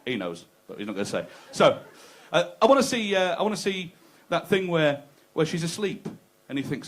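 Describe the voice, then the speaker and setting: A man working a comedy club crowd with crude, chatty stand-up. His voice sits a little high for a man, and he talks to the audience directly. Faint room noise sits under the live recording. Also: sing-song, brisk, hardly any pauses, fairly bright tone. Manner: conversational, crude, teasing the crowd.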